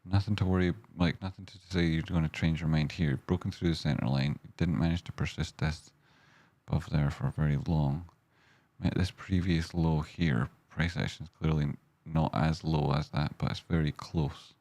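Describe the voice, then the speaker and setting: A man's voice: very deep voice, steady tone, normal speed, mellow. A man hosting a live stream, chatting and thinking aloud as he walks through stock charts with jokey asides.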